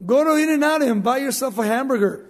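A man's voice: extremely high pitch, expressive, a little fast, long reverb tail. A male pastor preaching a sermon, telling stories with animation and asking the congregation questions.

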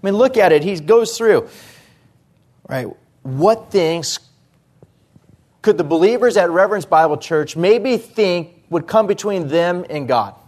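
Male pastor, mid-high voice, conversational sermon delivery, asks and answers his own questions. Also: animated, a little slow, pauses often, darkish tone. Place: church.

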